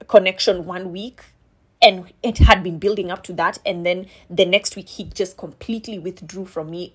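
A young adult woman telling a personal story in a frank, confessional way, swearing freely and pausing often. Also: on the low side, slightly rough. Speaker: podcast co-host. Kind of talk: candid storytelling chat.

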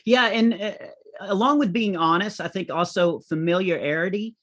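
Middle-aged male comedian, lively anecdotal delivery, slightly high-pitched voice. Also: normal speed. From United States. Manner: animated anecdotal storytelling. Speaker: comedian and author guest. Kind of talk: conversational interview.

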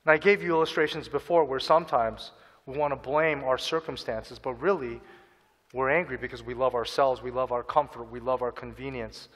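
Bright-voiced preacher man in a hall. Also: medium pitch, a little fast. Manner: earnest preaching, acts out inner voices, repeats for emphasis. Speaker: pastor. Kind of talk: sermon.

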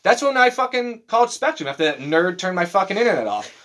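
Casual male co-host, bright and slightly high, profane storyteller with mocking impressions. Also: big pitch swings, fast talker. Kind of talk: casual chat.

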